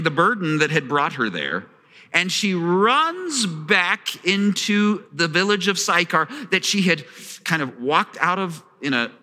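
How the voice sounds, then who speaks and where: A male pastor preaching a sermon in an animated, storytelling way, often asking the congregation questions. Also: on the high side. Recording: long reverb of a large hall.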